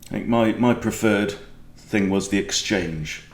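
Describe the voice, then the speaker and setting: A man's voice: fairly low pitch, a little slow, echoey room. A man with a Welsh accent, a chess coach chatting and joking as he thinks aloud through a game. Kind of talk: casual game commentary.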